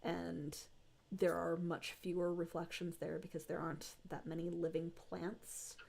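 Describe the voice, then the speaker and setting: A woman narrating a tabletop game as game master, descriptive and unhurried with frequent fillers. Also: on the low side, flat delivery, vocal fry, a little mellow.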